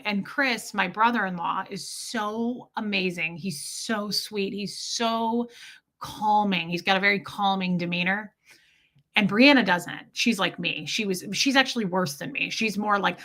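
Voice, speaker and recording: A woman's voice: medium pitch, measured pace, pushed and bright. A woman hosting a podcast, telling a personal story in a rambling, candid, emotional way and swearing freely. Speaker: podcast host.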